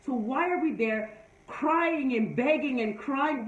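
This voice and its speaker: A woman with a slightly high voice gives a preachy motivational talk, driving her points home again and again. She sits back from the microphone, and the sound is dull and echoey. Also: animated, slow pace. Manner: preachy, repetitive, emphatic. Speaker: live-stream host. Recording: echoey room, far from mic, dull sound.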